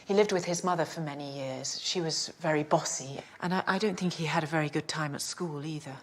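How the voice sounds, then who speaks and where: An actress playing a quiet, guarded young woman with a troubled family past, speaking softly and hesitantly, often half-whispering. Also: low-pitched, a little fast, slight background noise, lightly acted.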